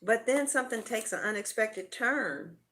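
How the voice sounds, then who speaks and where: A woman's voice: on the high side, lively intonation, moderate pace, a bit bright. A woman giving a casual tarot reading in a blunt, profane way of talking. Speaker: tarot reader.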